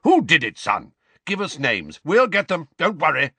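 A man's voice: fairly high pitch, huge pitch swings, normal speed, sharp tone, slightly rough, no room sound, pitched above the performer's own voice, exaggerated voice. A man voicing a blustering, hot-tempered middle-aged man who growls and bellows, in an audiobook. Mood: gruff concern.

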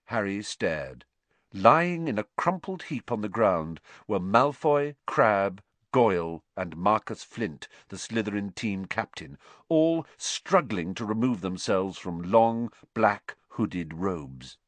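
A man reading a story aloud as an audiobook narrator, in a lively, dramatic storytelling manner. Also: lowish voice, slow, no room sound.

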